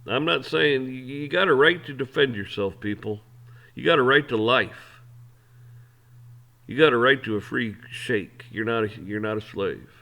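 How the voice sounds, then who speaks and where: A man's voice: medium pitch, normal speed, gravelly, bright, forceful tone. A man hosting an opinion show, ranting in a blunt, heated, profane way. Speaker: host. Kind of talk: opinion rant.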